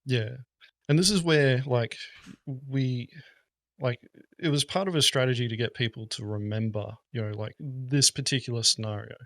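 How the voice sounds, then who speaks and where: A man's voice: medium pitch, moderate pace, no room sound, studio quality. A man, a gaming content creator, rambling and swearing in a casual podcast chat. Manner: rambling, profane, animated.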